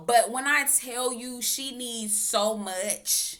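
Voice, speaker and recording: A woman's voice: mid-range voice, fairly even intonation, takes it slowly, hardly any pauses, fairly bright tone. A woman recapping a reality TV show in a casual, gossipy way, quoting people in exaggerated voices and laughing often. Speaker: TV reviewer vlogger. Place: home, on camera.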